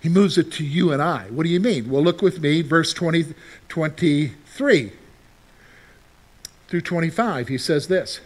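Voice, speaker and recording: A male pastor preaching a sermon in a lively way, often putting rhetorical questions to the congregation. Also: a little high, measured pace.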